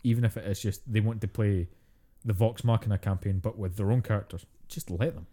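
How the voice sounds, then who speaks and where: A man's voice: lowish voice, steady tone, brisk, warm tone. A man with a Scottish accent co-hosting a podcast, giving blunt opinions in casual chat and swearing now and then. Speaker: podcast co-host.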